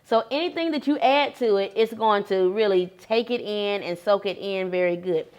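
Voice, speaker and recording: A woman's voice: medium pitch, normal speed. Woman explaining a vegetarian recipe. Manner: explanatory, steady and practical. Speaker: cooking demonstrator. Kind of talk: cooking demonstration.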